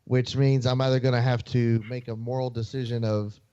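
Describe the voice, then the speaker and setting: A man's voice: mid-range voice, little pitch movement, brisk, warm tone, clean tone. A man playing in a tabletop game, musing hesitantly about what his character will do. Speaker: player. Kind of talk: casual chat, thinking out loud. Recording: dull lo-fi call audio.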